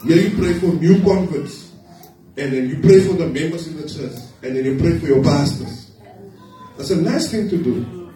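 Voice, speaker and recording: A man preaching a sermon to his congregation, lively and joking with them. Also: a little high, moderate pace, slight background noise. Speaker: pastor. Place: church hall. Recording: echoey hall, distant mic.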